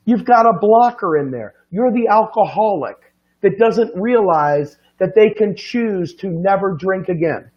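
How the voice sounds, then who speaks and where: A fired-up man preaches his point in a fervent, profane monologue, firing off rhetorical questions. His voice sits fairly high and leaps upward when he presses hardest. The recording is muffled and lo-fi. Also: expressive, measured pace. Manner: swings from low and quiet to high and loud. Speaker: political commentator. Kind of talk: impassioned monologue.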